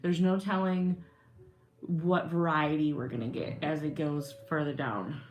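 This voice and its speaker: A woman's voice: deep voice, steady tone, a little slow, a little mellow. A woman co-hosting a casual wine-tasting podcast, talking in a blunt, jokey way. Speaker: podcast co-host.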